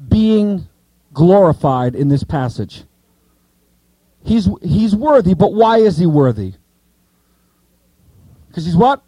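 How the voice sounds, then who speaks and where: High-voiced man teaching a Bible class. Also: darkish tone, no room sound, rough recording. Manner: questions the audience, repeats key points slowly. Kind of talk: Bible study lecture.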